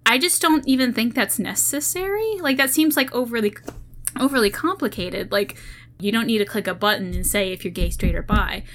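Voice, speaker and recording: Podcast woman, slight southern twang, bright sharp voice, rambles and restarts a lot. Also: a little high, fairly quick. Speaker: podcast co-host. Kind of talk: casual chat.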